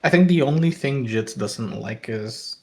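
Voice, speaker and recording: A man's voice: medium pitch, lively intonation, a little slow, gravelly, a little mellow, a little hiss or hum. Teasing man egging on his friends. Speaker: stream guest. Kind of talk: casual gaming stream chat.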